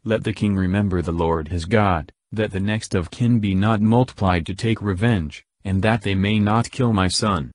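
A man's voice: lowish voice, a little mellow, dry recording, lightly acted. A man reading as a pleading widow. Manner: measured, solemn reading. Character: grieving widow pleading before a king. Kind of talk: scripture reading.

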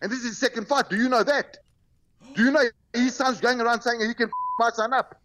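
A father on a phone call to a radio show, shouting and swearing in fury. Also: extremely high pitch, steady tone, fairly quick. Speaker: prank call victim, a father.

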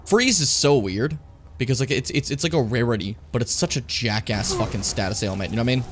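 A man casually commenting on his own gameplay as a streamer, swearing freely and jumping from chatter into sudden shouts. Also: medium pitch, fairly quick, noisy background. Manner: animated, swearing, jumps into shouting.

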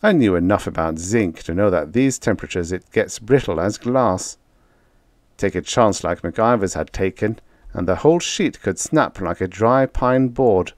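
A man narrating an audiobook in the first person, with expressive, dramatic storytelling, close to the mic. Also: lowish voice, no echo.

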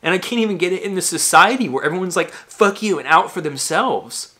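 A man's voice: high voice, animated, fast, sharp tone. A man in his thirties, ranting in a rambling, agitated monologue full of swearing and fillers. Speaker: vlogger.

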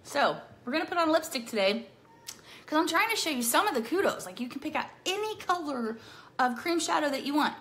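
A woman's voice: sits high, lively intonation, fast, fairly bright tone, slight background noise. Bubbly woman chatting through a makeup tutorial. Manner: bubbly, playful silly word rhymes. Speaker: makeup vlogger. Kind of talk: casual makeup tutorial chat.

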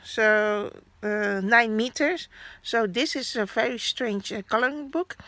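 Woman vlogger, unhurried and rambling, fillers and restarts, dead-dry room. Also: on the high side, a bit bright, dry recording. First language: Dutch. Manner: rambling, chatty, frequent fillers and self-corrections. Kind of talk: casual haul vlog.

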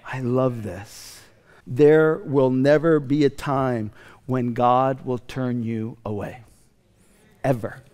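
A male pastor preaching a sermon, emphatic and repetitive, swinging from loud declarations to hushed, quiet lines. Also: mid-range voice, fairly even intonation, slow pace, long reverb tail.

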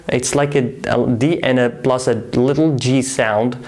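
Man teaching English phrases slowly. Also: medium pitch, steady tone, a little mellow. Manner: slow careful modelling of phrases, repeating each example; corrects himself mid-sentence. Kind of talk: online language lesson.

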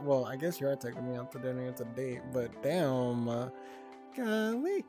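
A woman's voice: a bass voice, expressive, normal speed. Giggly flustered woman streamer, faint music. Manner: giggly, flustered, swears a lot, stutters. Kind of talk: casual live stream chat.

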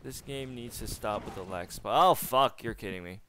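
A man's voice: fairly low pitch, a little fast, a bit bright. A man giving profane, sarcastic commentary over his own video game play, ranting and swearing at it. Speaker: gamer commentator. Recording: game audio noise behind.

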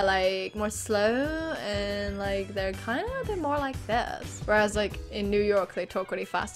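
A woman with an English accent talking in a comedic vlog monologue, goofy and animated, with free swearing. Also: fairly high pitch. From England. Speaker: YouTuber.

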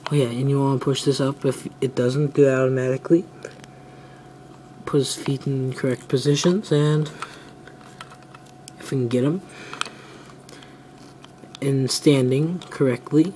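A man's voice: medium pitch, steady tone, a little slow, pauses often, mellow, slight background noise. A teenage boy casually reviewing toys, rambling and trailing off as he talks. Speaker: toy reviewer.

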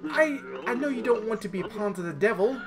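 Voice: mid-range voice, animated, brisk, crowd noise, pitched above the performer's own voice, natural voice. A gamer reading the lines of Elder Kettle, a wise old male kettle guardian, aloud in a plain, earnest voice, with game music behind.

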